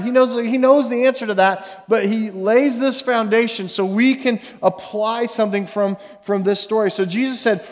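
Male pastor with a high voice, chatty and halting in his sermon, recorded with heavy hall reverb. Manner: conversational, with fillers and repeated words; reads scripture aloud slowly. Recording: long reverb of a large room.

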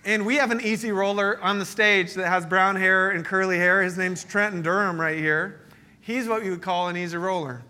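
Bright-voiced storytelling pastor. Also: male voice, high voice, moderate pace, smooth. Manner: storytelling, joking, animated. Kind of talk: sermon. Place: church meeting space.

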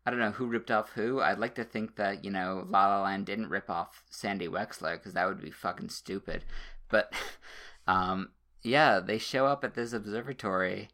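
A man with a fairly low voice and a bright, forceful edge. He co-hosts a podcast and recaps a movie in loose, rambling chat, stumbling over restarts and dropping the occasional swear word. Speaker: podcast co-host.

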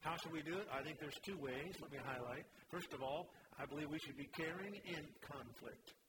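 A man preaching a sermon as pastor, emphatic and animated, mixing scripture with humorous stories. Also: on the high side, normal speed, background noise.

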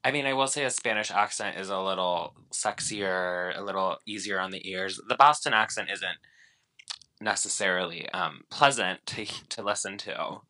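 A man's voice: low voice, normal speed, pushed and bright. A man co-hosting a podcast, chatting in an easygoing way with frequent fillers. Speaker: podcast co-host. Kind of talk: casual chat.

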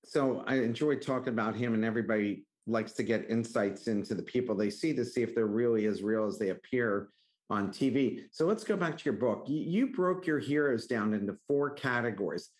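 A male interview host with an ordinary mid-range voice. He moves the conversation along smoothly and puts questions to his guest. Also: medium pitch, fairly quick.

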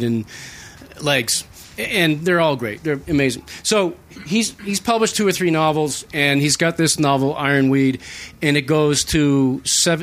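A man on a writers' panel, animated and swearing freely as he tells stories. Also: on the high side. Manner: animated, profane, storytelling. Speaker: author on a panel. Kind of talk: panel discussion.

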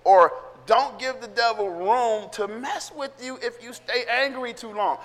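A man's voice: very high voice, measured pace, fairly bright tone, in a large hall. A middle-aged male pastor preaching a sermon in a conversational way, acting out quotes and laughing between points.

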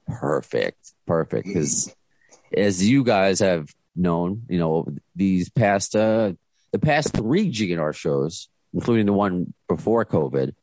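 Low-voiced chatty male podcast host. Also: lively intonation, normal speed, darkish tone, no echo. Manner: chatty, rambling with restarts. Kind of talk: casual chat. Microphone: video call.

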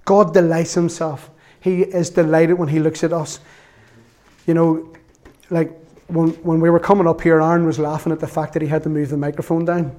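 Earnest preacher, higher voice. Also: male voice, little pitch movement, normal speed, mellow. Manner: earnest, reads scripture aloud, self-mocking humor. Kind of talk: sermon.

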